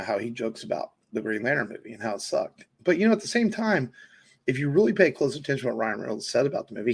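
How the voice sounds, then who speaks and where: A man's voice: mid-range voice, husky. A man co-hosting a podcast, chatting casually about films in a rambling way, with lots of fillers and restarts. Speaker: podcast co-host. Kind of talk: casual film chat.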